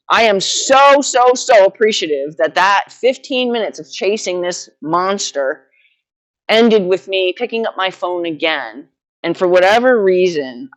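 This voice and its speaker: A woman with a slightly low voice tells a long, meandering story to her vlog audience. She sounds casual and self-deprecating and keeps laughing at her own mishaps. She comes across as middle-aged and unpolished. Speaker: horse trainer vlogger.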